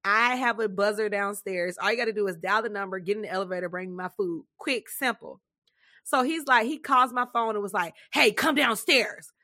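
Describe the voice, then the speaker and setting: A young adult woman co-hosting a podcast, telling a story as a casual rant, animated, loud and dramatic, laughing often. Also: medium pitch, fairly quick. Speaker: podcast co-host.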